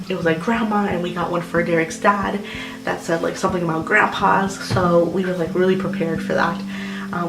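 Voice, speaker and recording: Young woman, vlogger, rambling storytelling, lots of fillers, slightly low voice, echoey room. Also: distant mic. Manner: chatty and rambling, full of "like" and "um". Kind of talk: casual personal storytelling. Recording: roomy echo with music behind.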